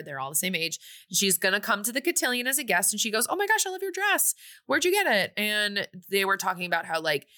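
A woman co-hosting a podcast, casually recapping a movie plot in a chatty, animated way with quoted asides. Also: mid-range voice. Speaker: podcast co-host.

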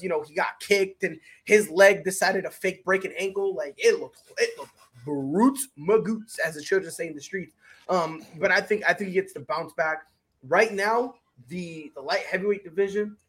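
A man with a high, breathy-husky voice co-hosts a casual sports chat. He talks in a boisterous, emphatic way and hypes up bold predictions. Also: fairly bright tone. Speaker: podcast co-host.

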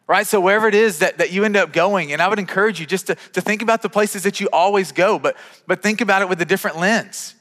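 Reverberant higher-voiced male pastor. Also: fast talker, few pauses, a bit bright. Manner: conversational, repeats words when starting sentences. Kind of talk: sermon.

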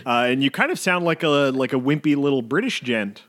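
A man's voice: medium pitch, lively intonation, brisk, a bit bright. Man bantering dryly on a podcast. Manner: dry, teasing banter. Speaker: podcast co-host. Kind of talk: casual podcast chat.

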